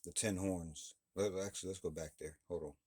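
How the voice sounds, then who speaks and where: A man's voice: low voice, steady tone, moderate pace, a little mellow, breathy edge. A man leading a Bible study, reading scripture aloud and explaining it loosely, with frequent restarts and check-ins like "all right?" and "okay?". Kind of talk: Bible class teaching.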